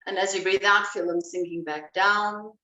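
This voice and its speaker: A woman breathwork instructor leading a guided breathing exercise, giving slow, calm instructions. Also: medium pitch, lo-fi sound. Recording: roomy sound, voice away from the mic.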